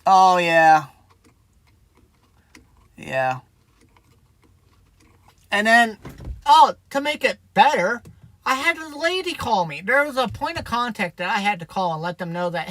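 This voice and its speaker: A man's voice: high voice, big pitch swings, a little slow, long pauses, fairly bright tone, no echo, low-quality recording. A man, a truck driver, chatting candidly on a livestream and telling a story in a rambling way. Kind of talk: livestream chat.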